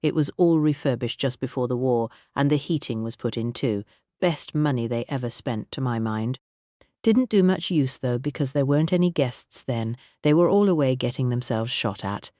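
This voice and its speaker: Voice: mid-range voice, expressive, normal speed, dark tone, dry recording, studio quality, lightly acted. A narrator voicing a nervous, chattering grey-haired housekeeper. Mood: fretful. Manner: fretful chatterbox, rambling.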